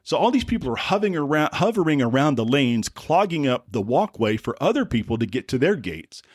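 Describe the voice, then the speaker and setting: A man's voice: medium pitch, big pitch swings, a little fast, husky, dry recording, studio quality. A man from the United States hosting a podcast, telling a travel story in a casual, rambling way with wry asides and self-corrections. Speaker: podcast host.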